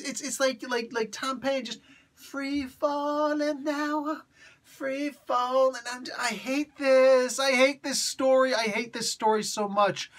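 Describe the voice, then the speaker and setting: A woman's voice: high-pitched, fairly bright tone. A woman from Italy delivering a casual ranting review as a comic book reviewer. She sounds fed up and exasperated, circling back to the same complaints. She peppers her talk with "man" and "dude". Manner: exasperated, repetitive, keeps saying "man".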